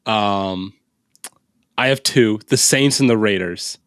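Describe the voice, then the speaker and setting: A man's voice: on the low side, slow, fairly bright tone, clean tone, no echo, clean studio sound. A man co-hosting a casual sports podcast, laid-back, peppering his talk with "like" and casual swearing. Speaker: podcast co-host.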